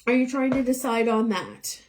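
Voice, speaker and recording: A young woman who is losing her voice does live tarot readings, speaking into a phone held above her eye level. Her voice is a little high and her speed normal, and she's chatty and encouraging. There's slight background noise.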